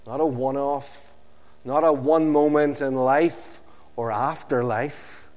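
Slow-preaching man in a reverberant hall. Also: mid-range voice, steady tone, a little mellow. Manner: slow, emphatic, with dramatic pauses and a falling close. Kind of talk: sermon.

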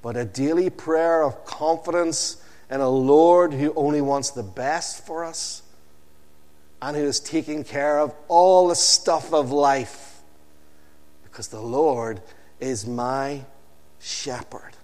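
Man preaching, slow deliberate delivery, emphatic pauses, mid-pitched voice, long hall reverb. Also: darkish tone. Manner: slow, emphatic, with dramatic pauses and a falling close. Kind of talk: sermon.

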